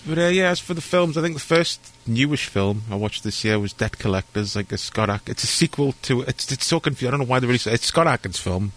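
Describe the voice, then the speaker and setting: A man's voice: mid-range voice, lively intonation, fast, few pauses, a bit bright. A man, co-hosting a podcast in casual, swear-filled chat, full of "like". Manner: loose and chatty, swears freely, says "like" often. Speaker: podcast co-host.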